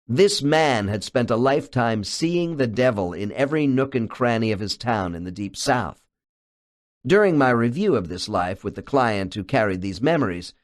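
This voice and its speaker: Man narrating an audiobook expressively. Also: mid-range voice. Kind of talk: audiobook reading.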